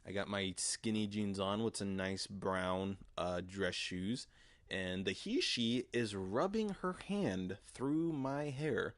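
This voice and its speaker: A man's voice: lowish voice, slow pace, no room sound. A young man in his twenties rambling through a casual story, heavy on fillers and swearing. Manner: rambling, profane, lots of fillers. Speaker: podcast host.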